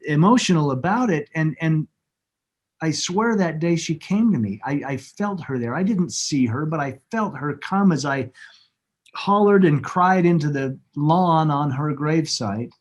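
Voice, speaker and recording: A man as an interview guest, telling a personal story in an earnest, halting way and repeating words when moved, speaking over a video call. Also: on the high side, lively intonation, highs cut off.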